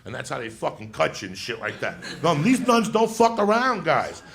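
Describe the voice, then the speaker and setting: A man's voice: a little high, huge pitch swings, normal speed, creaky, crowd noise. A man telling a rowdy childhood story on stage as a stand-up comedian, swearing and laughing as he goes.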